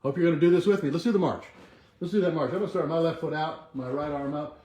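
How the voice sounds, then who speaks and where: An older man leading a motivational talk from his home kitchen, repeating affirmations slowly and letting them trail off softly. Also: on the high side, echoey room. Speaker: chiropractor leading a weekly motivational march. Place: home kitchen with a bay window.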